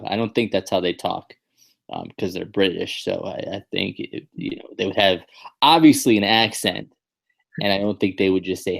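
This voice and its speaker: A man's voice: low-pitched, moderate pace, vocal fry. A man hosting a podcast in casual chat, joking and rambling with fillers and restarts. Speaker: podcast host.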